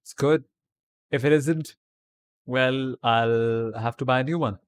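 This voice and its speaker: Speaking slowly and smoothly at a medium pitch, a man from India responds to comments during a relaxed livestream on his home webcam. He talks in English, affecting a British accent.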